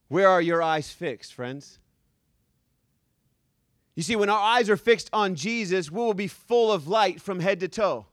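A male pastor preaching a sermon as a lively, joking storyteller who acts out the scenes he describes. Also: high-pitched, measured pace, pauses often, dry recording, studio quality.

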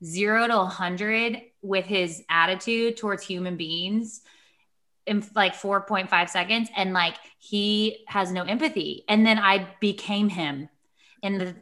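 A woman's voice: medium pitch, a little slow. A young woman co-hosting a podcast, telling a dramatic story in a casual way and saying "like" a lot. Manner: dramatic, animated storytelling with frequent "like". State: pregnant. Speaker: podcast co-host. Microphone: remote call mic.

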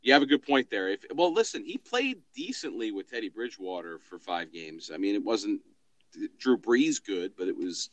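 Excitable, emphatic man who swears freely. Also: on the low side, moderate pace, dry recording, highs cut off. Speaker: podcast co-host. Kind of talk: casual sports podcast chat.

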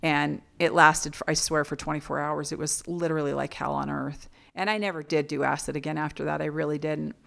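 Woman with a low creaky voice, interview guest, frank and earnest, lots of restarts. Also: fairly even intonation, brisk, hardly any pauses, fairly bright tone. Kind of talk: candid personal storytelling.

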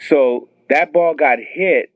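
A man in his thirties excitedly telling a story as a guest, acting out what others said. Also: slow pace, dry recording. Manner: excited, acts out quotes with high squeals. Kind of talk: animated storytelling. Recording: tinny phone-line sound.

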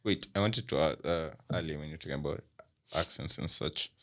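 A man interviewing a guest in casual chat, asking halting questions full of ums. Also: rumbling low, a bit bright. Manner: hesitant, halting, many fillers.

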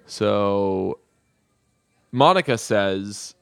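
A man's voice: lowish voice, lively intonation, very slow, vocal fry, a bit bright, smooth, dry recording, clean studio sound. Casual, swearing male podcast host. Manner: loose and profane, with frequent fillers. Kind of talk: casual solo podcast chat.

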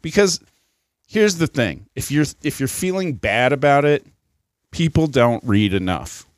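A man's voice: medium pitch, unhurried, dry recording, clean studio sound. A man co-hosting a casual comedy podcast, telling stories and acting out other people's voices. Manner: animated, acts out others' voices while storytelling. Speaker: podcast co-host.

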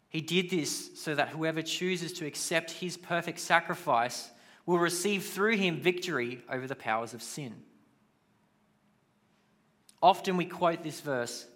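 A man's voice: on the high side, bright, forceful tone. A man preaching a sermon in a conversational way, with casual asides. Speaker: pastor.

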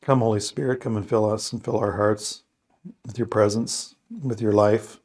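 With a lowish, steady, darkish voice, a man who co-hosts a scripture podcast prays and reads scripture aloud. His reflections are earnest and thoughtful, marked by pauses and restarts.

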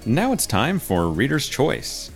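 A man's voice: mid-range voice, huge pitch swings, slow pace, gravelly, faint music behind. An American man hosting a podcast in casual chat, asking questions in a friendly way and laughing easily. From United States. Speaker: podcast host.

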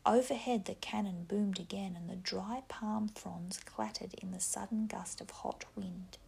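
Woman, whispered reading, gravelly, breathy, hushed and measured. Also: mid-range voice, fairly even intonation. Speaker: narrator.

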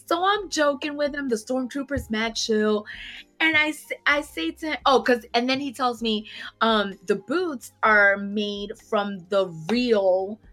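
A woman on a podcast telling a funny convention story in casual chat, animated, laughing often and acting out the people she quotes. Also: on the high side, unhurried, soft background music.

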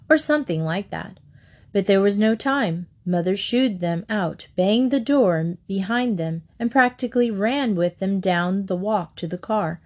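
A woman narrating a children's chapter book in a steady, expressive read-aloud. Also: medium pitch, measured pace.

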